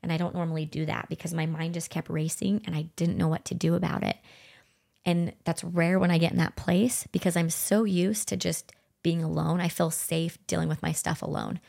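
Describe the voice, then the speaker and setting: Woman, middle-aged, low voice, gravelly, earnest, reflective podcast talk. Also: little pitch movement, fairly quick. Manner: gentle, earnest, reflective, often acting out her own past thoughts. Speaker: podcast co-host. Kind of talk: heartfelt conversational podcast talk.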